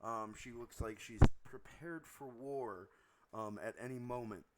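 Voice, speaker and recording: Relaxed man narrating a tabletop game. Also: mid-range voice, unhurried, very noisy. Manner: relaxed, descriptive, with frequent ums. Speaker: game master.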